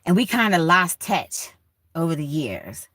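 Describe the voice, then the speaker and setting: A woman's voice: on the low side, very animated, measured pace, fairly bright tone, no room sound. A woman hosting a livestream, talking to her viewers in a heartfelt, emphatic way. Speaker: livestream host. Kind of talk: casual livestream chat. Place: rented room in a shared house.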